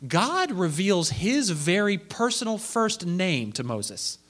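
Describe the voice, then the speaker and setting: Male preacher, bright and forceful, animated sermon delivery with acted-out asides. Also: sits high, unhurried, hardly any pauses. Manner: animated, acting out quoted voices.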